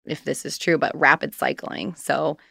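A woman's voice: low voice, steady tone, moderate pace, gravelly, bright, forceful tone, dry recording, studio quality. A woman in her thirties, a guest candidly recounting a personal story in casual, rambling conversation.

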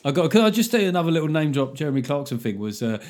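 A man's voice: fairly high pitch, rapid-fire. A man with a British accent hosting a comedy podcast, reading listener letters in a jokey, sweary, casual way. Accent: British English. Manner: sweary, jokey, animated, laughs often. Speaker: podcast host.

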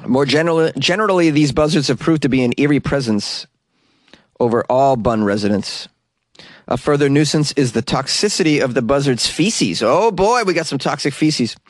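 A man's voice: medium pitch, lively intonation, moderate pace, no room sound, studio quality. A man hosting a comedic news segment, reading stories and riffing sarcastically with asides.

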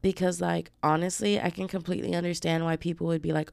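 A woman's voice: sits low, level tone, fairly quick, vocal fry, a little mellow, no room sound. A woman hosting her own podcast while sick with the flu, chatting casually in a slangy, profane way and calling her listeners babes. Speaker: podcast host. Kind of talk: casual solo podcast chat.

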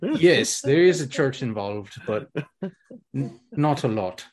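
A man at an ordinary, middle pitch co-hosts a podcast in loose, rambling conversation. He laughs easily, fumbles for names and wanders off topic with a relaxed, talkative manner. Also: slow. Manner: chatty, rambling, laughs often. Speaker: podcast co-host. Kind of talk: casual chat.

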